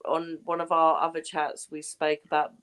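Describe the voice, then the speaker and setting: A woman's voice: low-pitched, monotone, normal speed, fairly bright tone, smooth. A woman co-hosting a casual chat, blunt and teasing, laughing and swearing freely.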